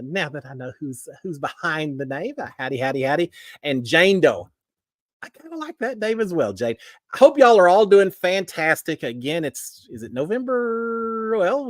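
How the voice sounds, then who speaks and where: A middle-aged man with a Texan drawl chats easily as a livestream host, greeting viewers by name. His voice sits a touch high and swings lively up and down. The sound is close and dry, with no room in it. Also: no room sound. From Texas. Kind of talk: casual livestream chat.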